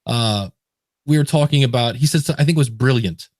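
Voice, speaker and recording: A man hosting a podcast at an ordinary mid pitch, telling anecdotes and laughing easily. His voice is dry and close to the mic. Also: fairly quick, darkish tone, breathy edge, no room sound. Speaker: podcast host. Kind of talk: casual podcast chat.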